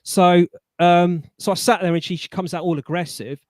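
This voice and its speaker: Guy, slightly high voice, dry close mic, stammers through casual anecdotes on a call. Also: steady tone, normal speed, darkish tone, no echo. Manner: rambling anecdotes with stammered restarts. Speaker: guest. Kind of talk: casual storytelling chat.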